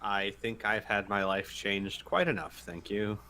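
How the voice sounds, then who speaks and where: A man's voice: fairly low pitch, fairly even intonation, measured pace, bright, forceful tone, a little hiss or hum. A man voicing a weary adult man with a dry, sardonic manner.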